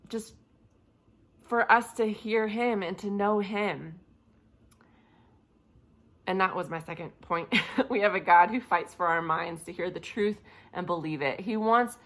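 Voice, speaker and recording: A young woman giving a chapel devotional, reading scripture aloud and then explaining it in a casual, vivid way. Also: medium pitch. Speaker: chapel speaker. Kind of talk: devotional talk.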